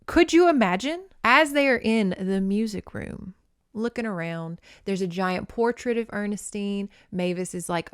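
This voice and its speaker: A woman podcast host giving a campy, animated comedic recap of a novel and slipping into character voices. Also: medium pitch, unhurried, clear, resonant tone, no room sound, studio quality.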